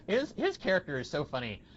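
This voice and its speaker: A man's voice: high voice, huge pitch swings, a little slow, slight background noise. A young man hosting a podcast, chatting casually and rambling with many restarts. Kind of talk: casual chat. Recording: dull lo-fi podcast audio.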